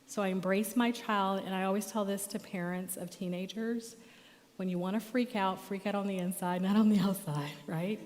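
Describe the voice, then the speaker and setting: Animated woman speaker in a reverberant church. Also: medium pitch, normal speed. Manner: animated, lively storytelling. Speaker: guest speaker and therapist. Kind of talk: storytelling talk at church. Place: church auditorium. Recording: long reverb of a church hall.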